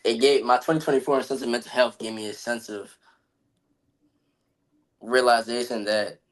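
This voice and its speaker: A man's voice: medium pitch, fairly even intonation, normal speed, rough recording. A man in casual podcast chat, speaking earnestly about motivation and staying true to himself, often saying "bro" and "you feel me". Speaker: podcast guest.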